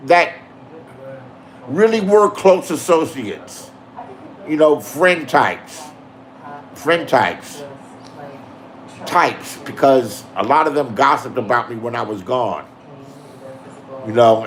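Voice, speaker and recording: A drama streamer on YouTube launches into a confrontational, profanity-laced monologue aimed straight at absent rivals, steeped in online drama. He speaks in a mid-range voice with a fairly bright tone, over slight background noise.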